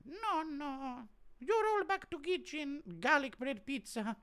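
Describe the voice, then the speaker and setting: Man doing a bossy mother, shrill falsetto, curt scolding, jumpy pitch. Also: big pitch swings, takes it slowly, bright, forceful tone, exaggerated voice. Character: bossy mother shooing her son to the kitchen.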